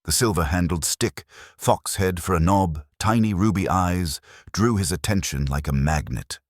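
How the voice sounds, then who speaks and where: A man reading a period mystery as a narrator, in measured, literary storytelling. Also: deep voice, no room sound, studio quality. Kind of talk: scripted audiobook narration.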